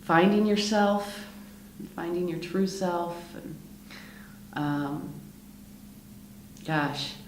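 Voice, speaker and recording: Actress, interview guest, lower voice, relaxed and chatty, a lot of "you know", echoey room. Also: female voice, very slow, long pauses, noisy background. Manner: chatty, laughs often, many fillers. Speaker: actress in a one-woman show. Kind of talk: casual interview chat. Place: lounge at a theater. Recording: roomy echo.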